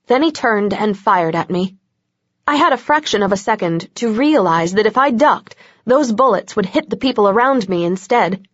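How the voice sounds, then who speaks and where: A woman reading an action novel aloud in first person, with brisk, tense storytelling. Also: medium pitch, dry recording. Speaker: audiobook narrator. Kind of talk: first-person audiobook narration. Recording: dull lo-fi audio.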